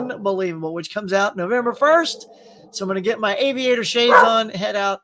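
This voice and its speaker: A man's voice: high-pitched, expressive, normal speed, very noisy. A man hosting a casual pop culture chat, chatty and laughing often, with a dog barking in the background. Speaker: pop culture show host. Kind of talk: casual chat about movies.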